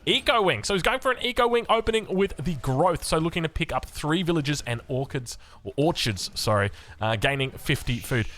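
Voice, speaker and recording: A man's voice: a little high, lively intonation, a little fast, fairly bright tone. A man with an Australian accent giving casual, rambling commentary over a strategy game, with chatty asides. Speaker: game caster and coach.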